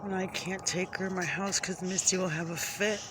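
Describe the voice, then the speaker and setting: A distressed neighbor out in the freezing night, pleading for someone to rescue a chained dog, swearing, and talking softly to the animal while shivering from the cold. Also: mid-range voice, steady tone, normal speed. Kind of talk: distressed handheld night vlog. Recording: noisy outdoor phone recording. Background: wind noise and a dog barking.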